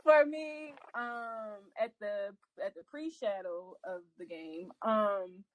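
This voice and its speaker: A young woman co-hosting a podcast in casual chat, relaxed, answering in short replies. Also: medium pitch, takes it slowly. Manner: relaxed listener, short backchannels, laughs easily. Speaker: podcast co-host.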